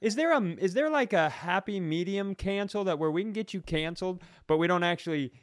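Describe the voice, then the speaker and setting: A man's voice: high-pitched, lively intonation, a little fast, no echo, studio quality. A man co-hosting a comedy podcast in casual chat, teasing his partner and asking rambling questions full of restarts. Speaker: podcast co-host.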